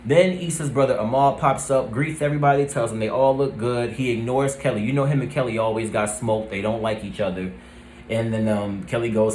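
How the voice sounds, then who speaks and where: A man's voice: medium pitch, fairly even intonation, a little mellow, a little hiss or hum. Chatty man recapping a TV episode, roomy sound. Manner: rambling, chatty, keeps pausing with "let's see" and "um". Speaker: TV review vlogger. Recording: roomy echo.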